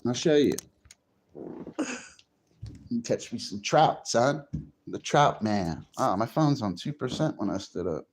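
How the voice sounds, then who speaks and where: A man's voice: mid-range voice, expressive, a little slow, pauses often, a little hiss or hum. A man chatting casually on a livestream, rambling and swearing freely. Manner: profane, rambling, easily frustrated. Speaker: live streamer.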